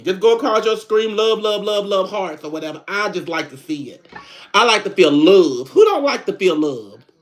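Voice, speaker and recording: A man's voice: high voice, a bit bright. A man chatting casually and laughing on his own livestream, talking straight to viewers. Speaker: livestream host.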